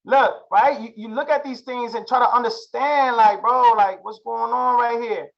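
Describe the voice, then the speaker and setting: A man's voice: very high voice, fairly even intonation, moderate pace, vocal fry, dull audio. A young man teaching a live chart-reading class, slangy and hyped, drilling his students with repeated questions. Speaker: trading instructor.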